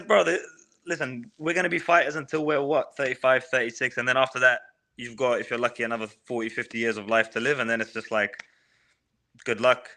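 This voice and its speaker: Bright-voiced young fighter, emphatic. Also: male voice, mid-range voice. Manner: emphatic, keeps saying bro and man. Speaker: MMA fighter. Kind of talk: casual remote interview. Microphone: video call.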